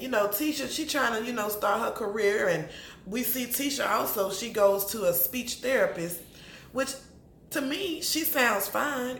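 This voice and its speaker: Chatty woman reviewing reality TV. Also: medium pitch. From Atlanta. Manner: chatty, animated, addresses people on the show directly. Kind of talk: casual commentary to camera. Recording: roomy echo, faint background noise.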